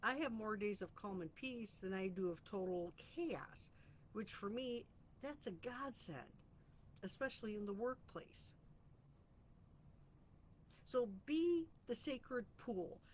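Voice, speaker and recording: A woman hosting a weekly reflection vlog, talking in an earnest, chatty, reflective way about calm and boundaries, stretching out phrases for emphasis. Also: medium pitch, slow, long pauses, slight background noise. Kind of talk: casual spiritual self-help musing.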